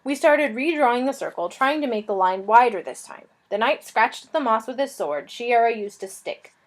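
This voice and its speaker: A woman reading a children's fantasy novel aloud, telling it in a lively, expressive way. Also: fairly high pitch, moderate pace. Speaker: reader.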